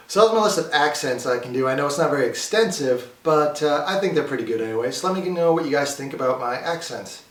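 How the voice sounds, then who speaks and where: A man with a slightly high voice chats casually about his impressions, rambling with fillers. He sits far from the mic in an echoey room. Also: lively intonation, quick pace, few pauses. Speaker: video host.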